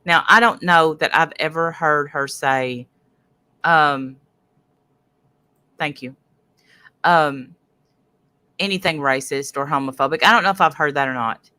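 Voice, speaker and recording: A woman's voice: low voice, measured pace, pauses often, pushed and bright, clear, resonant tone. A woman hosting a casual livestream, rambling and greeting viewers in chat. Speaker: host.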